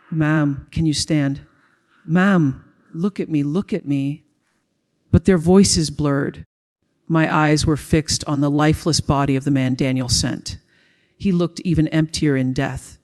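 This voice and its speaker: A man reading a first-person dramatic story as a storyteller, in a steady, even way. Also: fairly high pitch. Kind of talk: scripted first-person narration.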